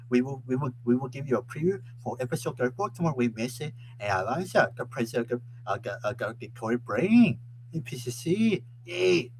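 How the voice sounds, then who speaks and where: A man hosting a casual live stream who keeps restarting and repeating his phrases and breaks into loud, excited sports chants. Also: medium pitch, a little fast, a little hiss or hum, poor audio. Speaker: host of a live web show.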